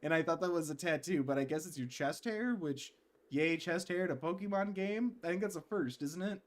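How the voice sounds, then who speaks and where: A man's voice: a little high, a little fast. A man casually commenting on a live game stream, rambling into joking asides. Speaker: gaming streamer.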